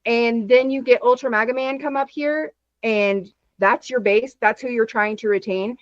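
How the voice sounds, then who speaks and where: A woman from Texas chatting as a guest, telling stories in an animated, rapid way over a video call. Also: fairly high pitch, no room sound, dull audio. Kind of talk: casual chat.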